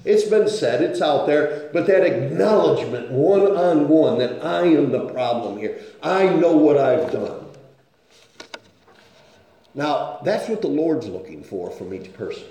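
A man's voice: a little high, animated, measured pace, mellow, a little hiss or hum. A man preaching a sermon in an earnest tone, often stopping to ask his listeners "okay?". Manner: earnest, keeps asking "okay?" to check on listeners. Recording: very echoey room.

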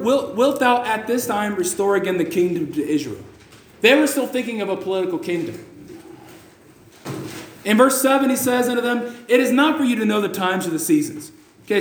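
A man preaching a sermon, emphatic, repeating phrases and restarting often, reading scripture in old-fashioned wording. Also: high voice. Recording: echoey church hall.

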